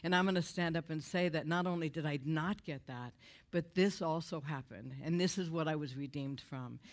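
A woman's voice: low-pitched, normal speed. A middle-aged woman giving a confessional testimony in a church, telling her story with emotion and laughter. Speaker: guest speaker. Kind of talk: testimony sermon.

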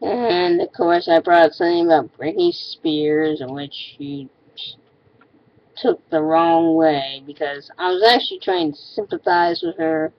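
A woman's voice: on the low side, animated, unhurried, dull audio. A woman ranting in a casual vlog, exasperated and sarcastic, often stopping and restarting her sentences. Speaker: vlogger.

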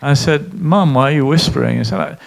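A man's voice: medium pitch, fairly quick, vocal fry. A middle-aged man being interviewed on stage, telling stories in a reflective way with many fillers and restarts. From Britain. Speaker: guest, columnist and author. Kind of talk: live interview at a public event.

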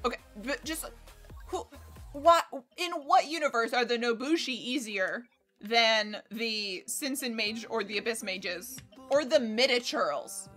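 A woman streamer with a bright, somewhat high voice chats casually while she plays. She rambles, swears freely and talks to herself and to the game. Soft game music plays quietly behind her. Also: unhurried. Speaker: livestreamer. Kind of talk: casual game livestream chat.

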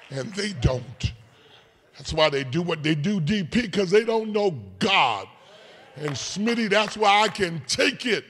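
An older man preaching a sermon, moving between quiet storytelling and shouted, sung call-and-response. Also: high voice, expressive, measured pace. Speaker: pastor. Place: large church sanctuary. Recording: long church-hall reverb.

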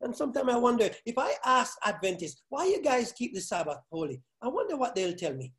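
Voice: mid-range voice, big pitch swings, a bit bright. Pastor preaching with emphatic repetition. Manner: emphatic, repeats key words, questions the congregation; halting restarts, then building force. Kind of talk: sermon.

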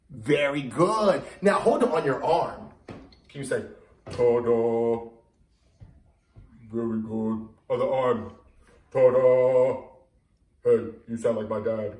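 A man's voice: on the high side, fairly bright tone. A young man leading a children's activity class as a gym instructor, upbeat and coaxing the kids to repeat after him. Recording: roomy echo, voice from a distance. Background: music playing.

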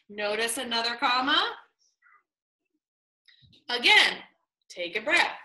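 A woman teacher reading a story aloud to young children, slowing down and pausing to show how punctuation works. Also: sits high, expressive, bright, forceful tone, roomy sound, low-quality recording. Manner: slow, deliberate reading aloud with exaggerated pauses.

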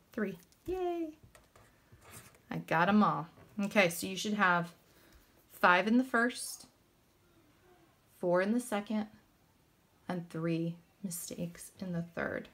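A woman teaching a lesson to small children, speaking slowly and carefully. She sounds patient and encouraging, and she spells out words one letter at a time. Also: lowish voice, a bit bright. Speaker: first grade teacher. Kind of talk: recorded classroom lesson for children.

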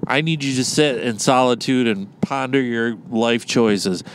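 A man's voice: medium pitch, unhurried, slight background noise. Profane ranting podcast guy. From Michigan, US. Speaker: podcast co-host. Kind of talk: casual podcast banter.

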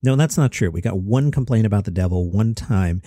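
A man's voice: on the low side, animated, fairly quick, dark tone, dry recording, clean studio sound. A middle-aged man hosting a comedy news podcast, chatty with jokey asides. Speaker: host.

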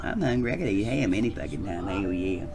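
A woman chatting casually while playing a life-simulation game, swearing often and breaking into loud shouts. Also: a bass voice, lively intonation, fairly quick, music in the background. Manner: profane, loud shouted outbursts. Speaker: game player. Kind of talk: casual gameplay chat.

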